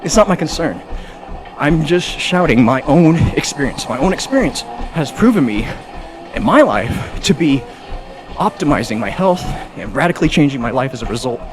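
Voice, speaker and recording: A man's voice: a little high, sing-song, moderate pace. A man ranting casually and a bit preachily while gaming on a treadmill. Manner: talkative, preachy, rambling; exercising on a treadmill while talking. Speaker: gaming streamer. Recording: music clearly behind.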